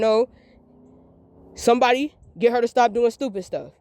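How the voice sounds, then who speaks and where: A woman's voice: a little high, moderate pace, pauses often, a little mellow, clear, resonant tone, no room sound. A woman, venting in a rambling, repetitive, emphatic monologue recorded as a voice memo. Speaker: vlogger.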